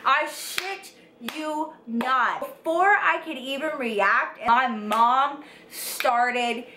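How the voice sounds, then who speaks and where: A woman's voice: high-pitched, drawn-out words, sharp tone. A young woman in her twenties from the United States, telling a storytime to her viewers, swearing freely and saying "like" and "you guys" a lot. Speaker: beauty vlogger. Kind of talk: storytime monologue to camera. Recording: echoey room with faint background hiss.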